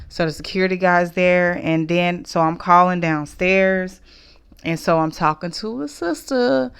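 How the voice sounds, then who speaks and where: A woman tells her story in a casual vlog, her voice lower than most and smooth. She speaks in an emotional, halting way, often restarting her sentences. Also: fairly bright tone. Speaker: small business owner reviewing an event.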